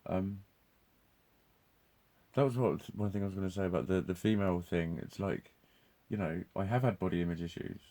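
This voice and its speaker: Male vlogger with a deep, warm voice, loose and profane, breaks into laughs. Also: normal speed. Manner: swears constantly, laughs often, restarts sentences. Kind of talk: rambling live monologue.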